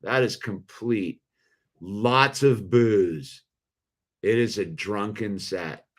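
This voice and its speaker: Man, low voice, slow and relaxed, slangy, casual building commentary. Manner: laid-back, slangy, says dude a lot. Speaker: toy-building video host.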